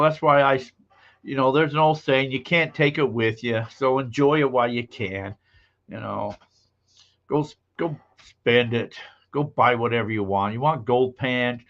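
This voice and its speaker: A man's voice: mid-range voice, a bit bright, muffled recording. A man hosting a live stream, chatting casually in a rambling, joking way. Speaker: live-stream show host.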